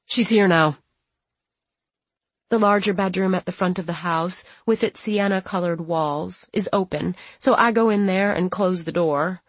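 Husky woman reading a first-person audiobook. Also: lowish voice, moderate pace, hardly any pauses, dry recording. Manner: plain, conversational storytelling. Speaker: audiobook narrator. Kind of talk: first-person scripted narration.

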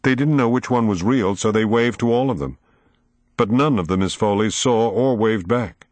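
A man narrating an audiobook in a dramatic, measured storytelling manner, close to the mic. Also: lowish voice, no room sound.

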